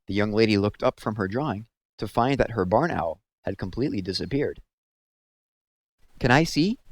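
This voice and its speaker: A man reading a children's book aloud with expressive storytelling, close to the mic. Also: on the low side, a little fast, no echo. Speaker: read-aloud host.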